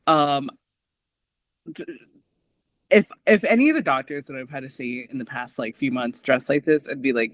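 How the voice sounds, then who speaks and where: A man co-hosting a podcast, animated and sarcastic, acting out quotes in casual recap chat. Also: mid-range voice, normal speed, long pauses, no echo. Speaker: podcast co-host.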